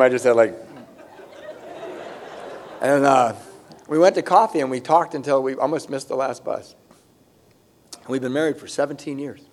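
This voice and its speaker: A man of around fifty telling a comic story live, self-mocking and animated, acting out the voices in it. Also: on the high side, vocal fry, slight background noise.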